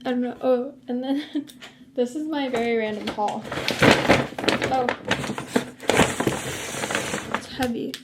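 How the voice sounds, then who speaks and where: A woman's voice: on the high side, slow, pauses often, very noisy. A young woman vlogging in a casual chat to camera, rambling with lots of filler words.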